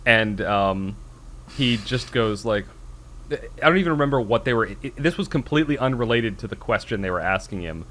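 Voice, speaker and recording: A man's voice: lowish voice, expressive, moderate pace, fairly bright tone. A man co-hosting a casual podcast, rambling and laughing often. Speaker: podcast co-host.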